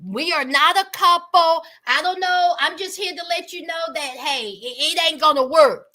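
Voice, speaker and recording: A woman's voice: extremely high pitch, normal speed, sharp tone. A woman doing a blunt, dismissive young man. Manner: dismissive, repeating himself.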